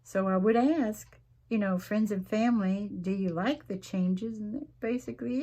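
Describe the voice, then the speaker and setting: A woman's voice: medium pitch, normal speed, vocal fry, dark tone. A middle-aged woman, chatting folksily to viewers as she crafts at home and rambling between stories. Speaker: craft vlogger.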